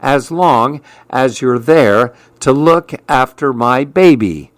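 A man's voice: medium pitch, animated, slow pace, dry recording, clean studio sound. A man reading a fretful hairdresser dad. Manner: fretful, hesitant. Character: harried male hairdresser and young father. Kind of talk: storybook reading.

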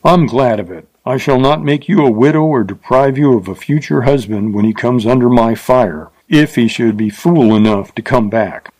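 A man's voice: mid-range voice, normal speed, hardly any pauses, a little mellow, close to an everyday voice. A man voicing a fierce, boastful frontier gunman who talks in a blustering, derisive way. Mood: threatening. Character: Wild Bill, fierce boastful male gunman.

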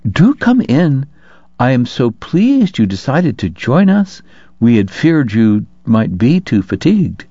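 A man voicing a gracious hostess with a Hungarian accent, her voice low and husky, warm and dignified. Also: sing-song, slow pace, no room sound. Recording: dull lo-fi dry recording.

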